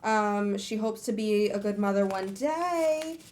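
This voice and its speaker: A woman's voice: medium pitch, lively intonation, takes it slowly, a little mellow, a little hiss or hum. A woman hosting a casual book club livestream, chatty and upbeat as she recaps the chapter. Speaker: streamer host.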